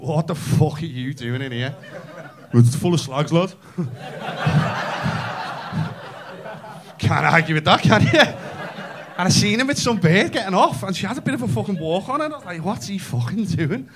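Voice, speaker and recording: A Scouse man in his thirties working a comedy club crowd with a stage mic. His voice sits high for a man, and he races through his stories with brash, sweary energy. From Liverpool, England. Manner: brash, sweary, fast storytelling. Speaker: stand-up comedian. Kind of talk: stand-up comedy.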